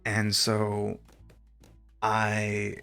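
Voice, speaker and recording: A man's voice: lowish voice, completely flat delivery, drawn-out words, gravelly, sharp tone, faint music behind. A young man from Texas streaming a game, telling a rambling story with lots of fillers and casual swearing. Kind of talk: casual chat while gaming.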